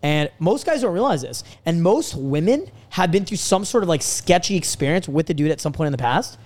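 A man hosting a podcast, telling stories in a brash, profane, animated way. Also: on the high side, brisk. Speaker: podcast host and dating coach. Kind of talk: casual podcast chat.

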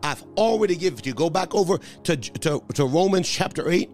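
A man's voice: fairly high pitch, animated, fast talker, a little mellow, soft background music. A man preaching a sermon as a pastor, emphatic, asking the congregation questions and answering them himself. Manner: emphatic call-and-response preaching.

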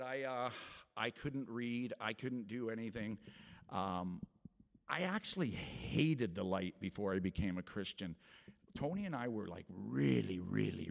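A middle-aged man with a gravelly edge prays and shares his testimony at church. He talks in a loose, chatty way, laughs often and slips into acted voices. Long reverb from a large hall trails after his words. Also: fairly low pitch. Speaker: worship leader giving a testimony. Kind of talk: prayer and personal testimony talk.

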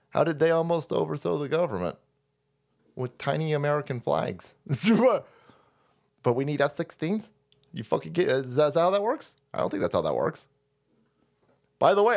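Male livestream host; high, fry-edged voice; loud, mocking, profane commentary.

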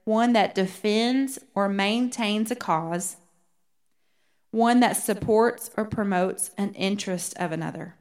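An earnest woman leads a Bible study. She rereads verses slowly to stress them, and her voice sits at an ordinary pitch. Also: a little mellow.

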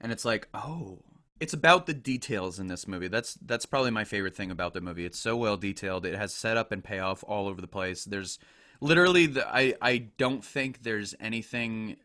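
A man's voice: fairly low pitch, sharp tone. A man co-hosting a casual podcast chat, enthusiastic and rambling, full of "like" fillers. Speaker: podcast co-host.

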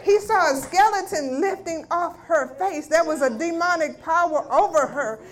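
A middle-aged woman giving a spoken testimony at a ministry meeting, telling a story with lively acted-out quotes. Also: very high-pitched, moderate pace. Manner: animated storytelling, acting out voices of family members. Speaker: guest speaker at a women's ministry meeting. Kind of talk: testimony preaching.

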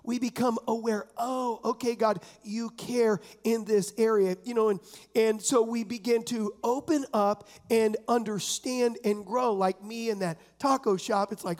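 A man's voice: very high-pitched, fairly even intonation, measured pace, a little mellow. A man pastor preaching a conversational sermon, often asking the congregation questions. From San Diego area.

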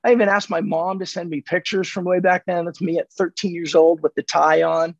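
A man from California, a sales coach on a podcast, telling animated stories and acting out the dialogue. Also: high-pitched, a little fast, vocal fry, no room sound. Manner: animated, acts out dialogue in anecdotes. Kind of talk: conversational storytelling. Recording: dull dry lo-fi audio.

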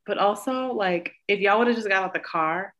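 A woman's voice: medium pitch, normal speed, a bit bright. A woman co-hosting a casual chat, blunt and swearing freely as she recaps a story.

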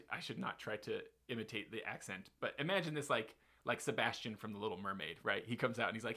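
A man's voice: lowish voice, fast talker, few pauses. Guy rambling through a story on his podcast, lots of likes and restarts. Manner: rambling, animated, many fillers and restarts. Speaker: podcast host telling a story. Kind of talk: casual storytelling chat.

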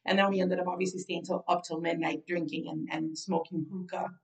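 A woman's voice: lowish voice, little pitch movement, a little fast, creaky, distant mic, highs cut off. A young woman from Florida, co-hosting a podcast in casual, chatty conversation and repeating her phrases. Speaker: podcast co-host. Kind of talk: casual chat.

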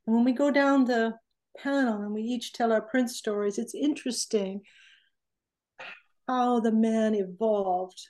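A woman's voice: a little high, unhurried. A woman in her sixties, a recording engineer, telling stories as an interview guest and acting out what people said. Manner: animated, acts out quoted remarks. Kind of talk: conversational storytelling.

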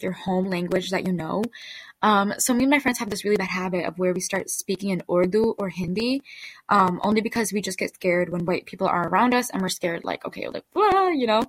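A woman's voice: mid-range voice, fairly bright tone, low-quality recording. A woman hosting her own podcast, telling a personal story in a casual, chatty way, full of "like" and "okay?". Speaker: podcast host.

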